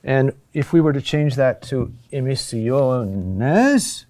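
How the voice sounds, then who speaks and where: A man teaching a class on Gregorian chant, speaking in a halting way with many pauses and restarts. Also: medium pitch, level tone, a little mellow. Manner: slow, halting delivery with many fillers and restarts. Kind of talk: classroom lecture.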